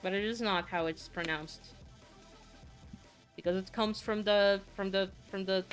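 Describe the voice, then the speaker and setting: A woman's voice: mid-range voice, steady tone, unhurried, soft background music. A woman streamer chatting casually to her viewers, gushing and swearing freely in rambling asides. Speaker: vtuber streamer. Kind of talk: casual live-stream chat.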